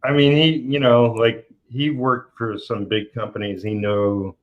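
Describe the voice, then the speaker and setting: A man's voice: mid-range voice, flat delivery, unhurried. A man, a comic artist hosting his channel, chats casually while he works, telling stories at an easy pace with plenty of fillers and laughs. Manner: laid-back storytelling with frequent laughs and fillers. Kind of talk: casual chat while working. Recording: muffled lo-fi call audio.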